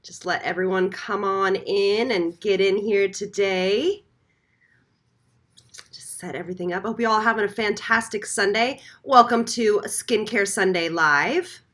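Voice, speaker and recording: A woman's voice: mid-range voice, unhurried, a bit bright. A woman hosting a live stream, chatting casually and greeting viewers one by one by name. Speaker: beauty channel host.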